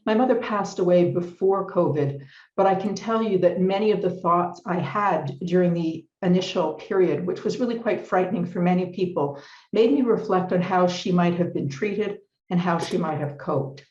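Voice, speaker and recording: Measured woman lecturing in an echoey hall. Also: on the low side, darkish tone. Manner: measured, deliberate, stresses key words. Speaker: conference speaker. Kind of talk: formal lecture presentation with slides. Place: conference hall. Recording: roomy, slightly muffled hall recording.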